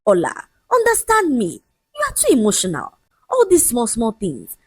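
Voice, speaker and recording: A woman's voice: a little high, huge pitch swings, moderate pace, husky, dry recording, studio quality, pitched above the performer's own voice, exaggerated voice. A woman voicing a smug, dismissive young man who mocks his fiancée in a folk-tale storybook reading. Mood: mocking. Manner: mocking, lecturing, casually shameless.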